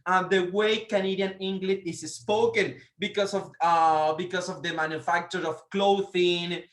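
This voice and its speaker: Male presenter teaching a language lesson: slow, bright-voiced, halting with fillers, roomy echo. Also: high-pitched. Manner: hesitant, many fillers and self-corrections. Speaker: presenter teaching about English pronunciation. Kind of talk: explanatory lesson.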